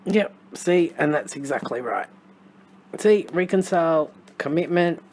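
Australian accent, tarot reader, chatty, musing, wry asides, mid pitch. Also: lively intonation, measured pace, darkish tone, a little hiss or hum. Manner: thinks aloud with frequent restarts and fillers. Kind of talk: casual tarot reading to camera.

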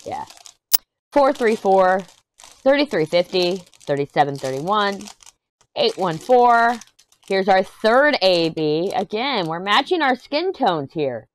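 A woman chatting casually and excitedly through a diamond painting unboxing. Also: medium pitch, slow pace. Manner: chatty, excited, hums while working. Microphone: desk mic.

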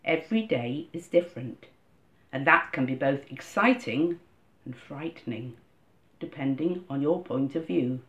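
A woman reading a scripted first-person reflection at a church service, in a measured storytelling manner. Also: rumbling low, animated. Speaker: church reader. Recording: dull lo-fi recording.

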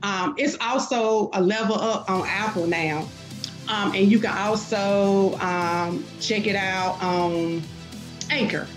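A woman's voice: mid-range voice, steady tone, takes it slowly, over music, low-quality recording. Fervent woman preaching in an interview. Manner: fervent, emphatic, dialect grammar, many um fillers. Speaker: podcast guest, minister. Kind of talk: preaching-style interview talk.

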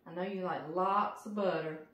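A woman's voice: on the low side, steady tone, moderate pace, fairly bright tone. A woman with a Louisiana accent hosting a casual home cooking show, gushing affectionately over the food as she tastes it in her kitchen. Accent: Southern US, Louisiana. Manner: gushing, affectionate, talks with mouth full. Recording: echoey room, mic at a distance.

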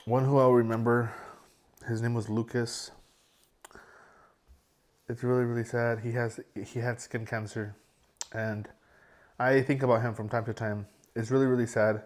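A man's voice: medium pitch, flat delivery, normal speed, pauses often, darkish tone. A man in his thirties talking casually to camera as a food vlogger, rambling with repeated words and fillers. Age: 30s. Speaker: mukbang vlogger.

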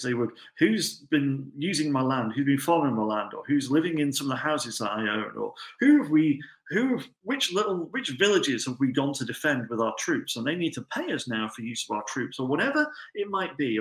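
Man, lively sermon voice, fairly high, roomy church sound. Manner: animated storytelling, rhetorical questions. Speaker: preacher. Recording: echoey church hall.

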